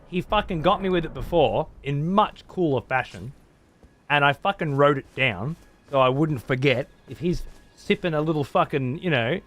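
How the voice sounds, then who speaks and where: A man's voice: fairly high pitch, a bit bright. Ranting Australian man streaming a game. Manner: profane, ranting, talks to chat. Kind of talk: live gameplay commentary.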